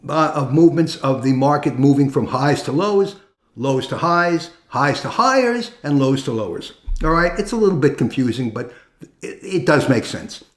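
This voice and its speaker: A man hosting a trading channel, talking through chart levels step by step in a conversational way. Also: fairly high pitch. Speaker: trading educator. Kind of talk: market analysis talk. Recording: roomy echo.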